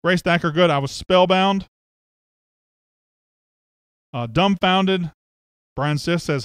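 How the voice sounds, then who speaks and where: Male podcast host, smooth and clear, bit high, joking and chatty. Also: takes it slowly, pauses often, a bit bright, no echo, studio quality. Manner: joking, chatty, reads comments aloud. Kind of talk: casual sports podcast chat, reading listener comments.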